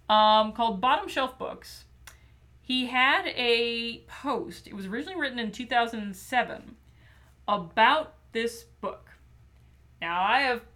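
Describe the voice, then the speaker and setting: A woman's voice: a little high, pushed and bright. A woman hosting a podcast, chatting playfully and casually about children's books. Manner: chatty and playful, with many fillers. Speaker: podcast host.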